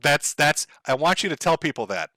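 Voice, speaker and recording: A man's voice: fairly high pitch, very animated, moderate pace, sharp tone, no room sound. A man ranting casually to his live chat, rambling and profane, laughing as he goes. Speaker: streamer.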